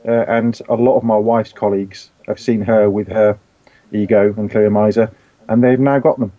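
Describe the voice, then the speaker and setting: A man's voice: on the low side, fairly even intonation, normal speed. A man, chatting in an easygoing way with many fillers. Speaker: show regular. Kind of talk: casual chat. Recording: dull lo-fi sound.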